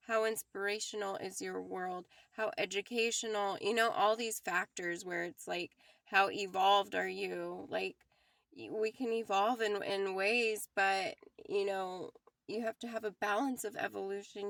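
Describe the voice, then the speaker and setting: Casting note: young woman, gravelly edge, dry close sound, loose emotional reading style. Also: mid-range voice, fairly bright tone, dry recording. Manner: rambling, emotional, laughs often. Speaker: tarot reader. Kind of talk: casual spiritual reading to viewers.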